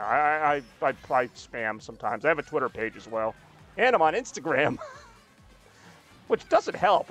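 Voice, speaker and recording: Male streamer, mid-pitched, jokey and self-deprecating, chats while racing, faint game music underneath. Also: fairly bright tone. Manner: self-deprecating, joking, rambling. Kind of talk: casual live-stream chat while playing.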